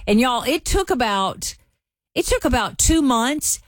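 A woman's voice: high voice, sing-song, measured pace, dry recording, clean studio sound. A woman co-hosting a show, telling a rambling, folksy story in casual chat. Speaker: radio show co-host.

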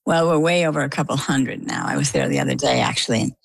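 A woman's voice: a bass voice, quick pace, creaky, slightly rough, dry recording, rough recording. A middle-aged woman telling a personal story as an interview guest, chatty and vivid, acting out the dialogue she quotes.

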